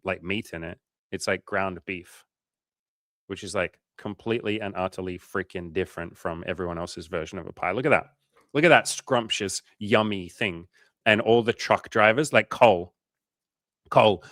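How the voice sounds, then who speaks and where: A man's voice: on the low side, fairly bright tone, dry recording, clean studio sound. An Australian man hosting a casual coaching livestream, reading viewer comments aloud in a loose, profane, filler-heavy way.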